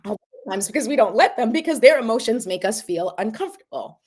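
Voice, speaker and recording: Female self-help host, direct coaching delivery, emphatic repetition, slightly high pitch. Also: animated, fast, a little mellow. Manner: coaching, addresses listener directly, frequent "okay?". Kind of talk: motivational self-help talk.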